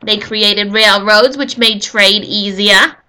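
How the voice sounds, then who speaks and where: A woman's voice: mid-range voice, fairly even intonation, takes it slowly, pushed and bright. A woman giving a casual, rambling history lesson, full of jokey asides to her viewers. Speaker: history video host.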